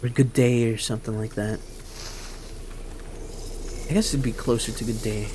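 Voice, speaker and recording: Over a noisy background, a gaming commentator with a steady, medium-pitched voice and moderate pace replays an old video game match, offering rambling, self-mocking casual commentary.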